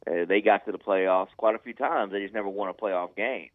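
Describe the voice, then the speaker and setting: A laid-back man with a low voice, dropping quick quips on sports talk. His audio is thin and tinny like a phone call, and it sounds dry. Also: no echo. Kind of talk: casual sports talk chat.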